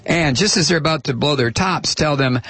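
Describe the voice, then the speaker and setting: Husky-voiced talk radio host, man. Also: a little high, brisk, bright, forceful tone. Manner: chatty and opinionated, reads listener mail aloud.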